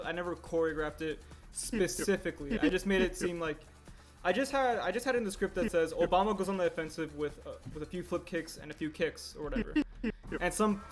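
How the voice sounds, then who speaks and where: A man livestreaming his stop-motion animation work, chatting casually and rambling as he corrects himself mid-sentence. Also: sits high. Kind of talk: casual livestream chat while working.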